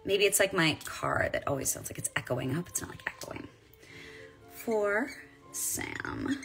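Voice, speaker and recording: A woman's voice: fairly low pitch, wildly swooping pitch, measured pace, creaky, fairly bright tone, faint music behind. A woman in her forties, a voice actress chatting casually on a live stream while signing autographs and reading fan comments aloud. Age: 40s.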